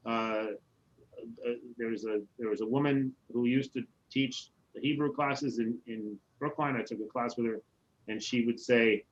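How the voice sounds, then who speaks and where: A rabbi eases through a Hebrew lesson in a loose, chatty way, stopping often to check that his students are following. His voice sits at an ordinary middle pitch. The sound is muffled and dull, as on a video call. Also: a little slow, a little hiss or hum. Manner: relaxed, chatty, many "right?" checks. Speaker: rabbi teaching a Hebrew class. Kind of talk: casual online class teaching.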